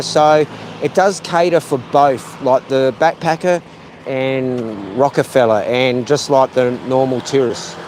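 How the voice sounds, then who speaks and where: A man's voice: fairly high pitch, a little mellow, slight background noise. A man casually vlogging outdoors while walking the streets, chatting and rambling to his viewers. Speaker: travel vlogger.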